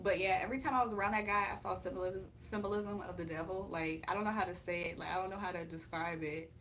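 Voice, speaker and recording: A woman's voice: lowish voice, steady tone, fast talker, a bit bright, slight background noise. A young woman hosting a casual livestream from home, chatting, laughing often and reading comments aloud. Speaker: livestream host.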